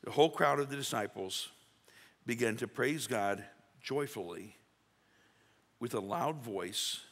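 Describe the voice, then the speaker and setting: A man's voice: lowish voice, animated, moderate pace, vocal fry, a bit bright, breathy edge. A male pastor preaching a sermon in a folksy, conversational way, acting out little quotes. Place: church sanctuary. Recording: reverberant church sanctuary.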